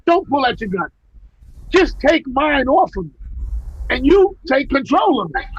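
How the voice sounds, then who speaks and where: With an extremely high-pitched voice marked by vocal fry, a man chats casually on a video call, telling long, profane stories from his life and restarting many times. He is a guest recounting personal experiences, and his video call mic produces a dry recording with dull audio.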